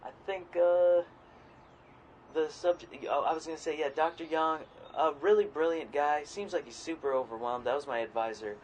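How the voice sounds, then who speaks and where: Rambling, profane man, slightly high voice. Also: moderate pace, slight background noise, poor audio. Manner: rambling, profane, swings into loud quoted voices. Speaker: podcast co-host. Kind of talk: casual chat.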